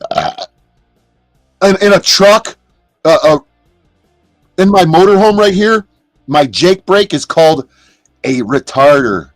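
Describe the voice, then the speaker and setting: Angry high-voiced man ranting, very dry sound. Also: animated, takes it slowly, long pauses, no echo, faint music behind. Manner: profane, aggressive, shouts at chatters. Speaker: livestreamer. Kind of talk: angry livestream rant. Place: inside a motorhome.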